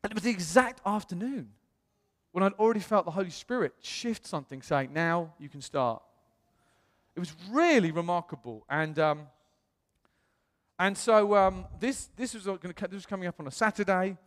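A man from the United Kingdom preaching in a church, telling his story in a chatty, animated way with self-quotes. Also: sits high, moderate pace. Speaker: pastor. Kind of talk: storytelling sermon. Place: church hall. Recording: long church-hall reverb.

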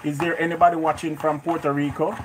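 A man's voice: fairly high pitch, little pitch movement, fast talker. Jamaican man, cooking stream host, chatty, greets viewers, home kitchen, faint background noise. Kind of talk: live cooking stream chat.

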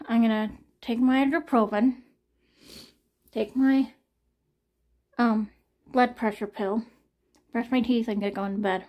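A woman's voice: on the high side, steady tone, unhurried, long pauses, mellow. A woman in her forties talking anxiously to camera in a personal late-night vlog, sighing often and trailing off. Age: 40s. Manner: anxious, frequent sighs, trailing off. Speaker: vlogger.

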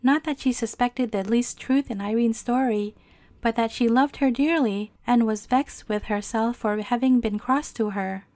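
Brief: woman storyteller, gentle measured bedtime reading, dry close-miked sound. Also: fairly high pitch, dry recording.

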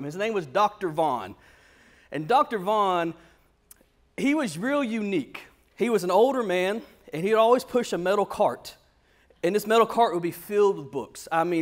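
High-voiced preacher telling a story. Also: male voice. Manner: animated, conversational storytelling. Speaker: pastor. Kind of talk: storytelling sermon.

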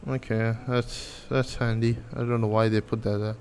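A man's voice: medium pitch, level tone, moderate pace, a little mellow, slight background noise. A man giving casual let's-play commentary on a horror game, nervous, jokey and profane, rambling as he goes. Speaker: gameplay channel host.

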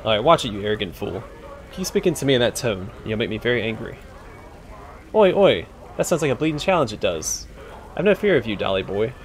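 A man's voice: on the low side, sing-song, a little fast, a little hiss or hum. A man doing a jeering tavern bully. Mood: taunting. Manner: taunting, jeering. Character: mocking, swaggering male tavern bully.

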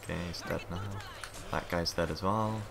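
A man's voice: sits low, fairly even intonation, normal speed. A man doing live gameplay commentary, frustrated and swearing as he plays. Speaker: gamer. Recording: game noise clearly behind.

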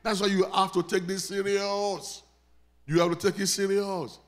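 A man with a Nigerian accent preaching a sermon, leading his congregation in call and response and rising to loud prayer declarations. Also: sits high, level tone, normal speed. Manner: builds to loud declarations when praying over the congregation. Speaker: pastor.

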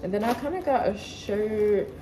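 A young woman chatting casually in her living room, excitable and slangy, as a vlogger showing clothes. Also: mid-range voice, moderate pace, a little hiss or hum, low-quality recording. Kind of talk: casual haul video chat.

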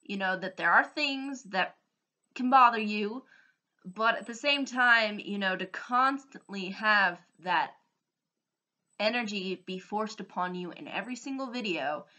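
A woman's voice: medium pitch, bright, forceful tone. A woman vlogger giving her opinion in a casual, earnest ramble, often restarting her sentences.

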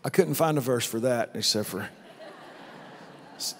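A middle-aged man preaching at a conference, telling a vision story with lively acted-out quotes. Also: mid-range voice, measured pace, a little hiss or hum. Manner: animated storytelling, acting out quotes. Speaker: pastor. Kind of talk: conference sermon testimony. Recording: long hall reverb.

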